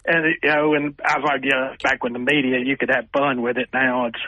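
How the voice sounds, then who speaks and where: An older man, a sportswriter telling animated stories as a radio guest and acting out what people said. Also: mid-range voice, fairly quick, no room sound, dull audio. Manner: animated storyteller who acts out quotes with raised voices. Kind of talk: radio interview storytelling.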